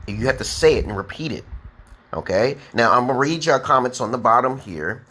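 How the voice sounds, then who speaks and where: A man's voice: medium pitch, a little fast, bright, forceful tone, slightly rough. An American man teaching English on a casual livestream, rambling and tagging "okay" onto his sentences. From United States. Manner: rambling, repeats "okay" often; chants the alphabet in a rising sing-song.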